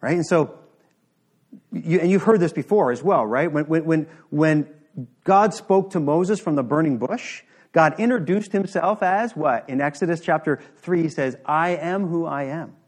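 A man's voice: a little high, expressive, moderate pace, darkish tone, husky. A man preaching a sermon to a congregation in a room, earnest and emphatic, often checking in with the listeners.

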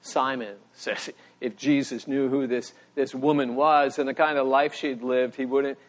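A middle-aged man preaching a sermon as pastor, telling stories with animated emphasis and a voice that rises when he makes a point. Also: medium pitch, unhurried. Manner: animated storytelling, voice rising for emphasis.

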